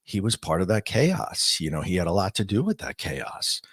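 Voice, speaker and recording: A man telling an interviewer the story of his own near-death experience in earnest, halting speech with many fillers and restarts. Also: sits low, big pitch swings, a bit bright, breathy edge, no room sound.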